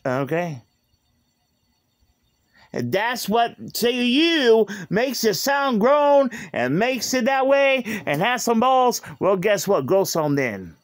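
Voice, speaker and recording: Slow, high-voiced man ranting. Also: big pitch swings, no room sound, clean studio sound. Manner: aggrieved, repetitive, confrontational. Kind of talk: angry rant to camera. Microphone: phone.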